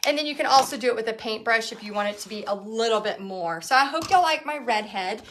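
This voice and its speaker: Chatty woman, higher voice. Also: expressive, fast talker, a bit bright, slight background noise. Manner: chatty, frequent "like" and "um". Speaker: paint party instructor. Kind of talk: live workshop teaching and motivational talk.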